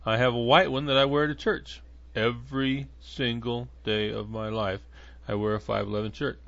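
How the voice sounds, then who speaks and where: A man's voice: mid-range voice, flat delivery, moderate pace, creaky, fairly bright tone, no echo. A man hosting a podcast in a casual monologue, rambling along with many fillers and restarts. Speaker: podcast host. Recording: dull lo-fi dry sound.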